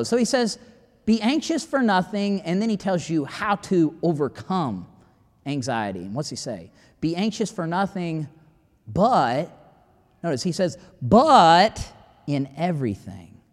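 Man preaching a folksy sermon, higher voice, hall reverb. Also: lively intonation, moderate pace. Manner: folksy, conversational preaching with scripture quotes.

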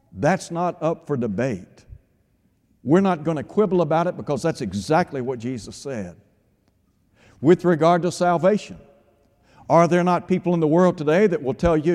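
A man's voice: fairly high pitch, darkish tone. A man preaching a radio sermon with emphatic delivery, asking rhetorical questions and quoting scripture. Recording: long hall reverb.

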